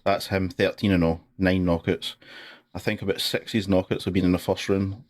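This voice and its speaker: A Scottish man with a very low voice, chatting on a podcast. He is laid-back and hesitant, and his sentences are full of ums and ayes as he works out what to say. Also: level tone, a little fast. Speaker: podcast co-host. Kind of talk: casual podcast chat.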